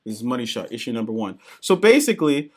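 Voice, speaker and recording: A man co-hosting a podcast, reviewing comics in excited, profane casual chat and acting out characters in quick bits. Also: mid-range voice, a little hiss or hum. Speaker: podcast co-host.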